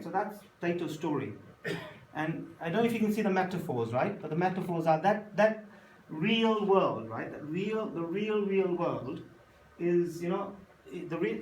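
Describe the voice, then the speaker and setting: A man's voice: sits high, a little mellow. Man lecturing a class in an echoey room. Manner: storytelling, acts out voices, checks understanding often. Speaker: teacher. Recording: echoey room from a distance, faint noise.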